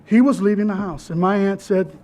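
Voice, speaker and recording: High-voiced man giving an earnest memorial speech. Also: fairly even intonation, darkish tone. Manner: earnest, halting storytelling with restarts. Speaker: keynote speaker at a memorial service.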